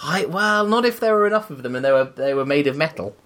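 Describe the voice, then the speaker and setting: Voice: medium pitch, expressive, fast talker, fairly bright tone, a little hiss or hum. A podcast co-host in casual, playful chat, often laughing.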